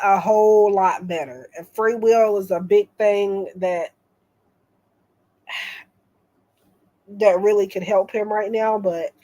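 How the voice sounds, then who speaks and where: A woman chatting on a tarot livestream, her voice worn from being sick. She speaks slowly and haltingly, at a middling pitch, and her sentences often trail off. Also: a little mellow. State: sick, under-the-weather voice. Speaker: tarot reader and livestream host. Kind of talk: casual livestream chat with viewers.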